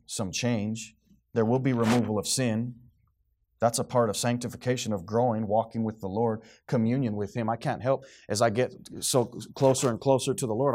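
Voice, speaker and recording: A man preaching a sermon to his congregation, swinging from quiet, low remarks to loud, high outbursts. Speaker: pastor.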